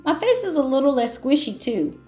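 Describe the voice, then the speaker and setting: A woman reading aloud as a once-grumpy grape who has learned to forgive, in a gentle, reflective storybook manner. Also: high-pitched, very animated, normal speed, echoey room, soft background music. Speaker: children's book reader. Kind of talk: picture book read-aloud.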